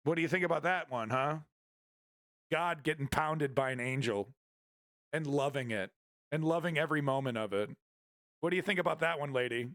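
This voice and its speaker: A man's voice: a little high, moderate pace, long pauses, a bit bright, no echo. A man commenting on news during a livestream, talking in a crude, irreverent and mocking way.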